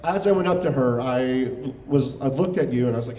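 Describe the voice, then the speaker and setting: A man's voice: mid-range voice, fairly quick, dark tone, a little hiss or hum. Man telling a story in an echoey hall. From New York. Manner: conversational, wry, swears freely. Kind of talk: live comedic storytelling.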